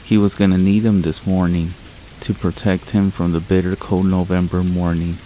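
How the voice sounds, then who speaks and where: A man narrating horror stories in a calm, measured way with dramatic pauses. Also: sits low, a little hiss or hum, low-quality recording.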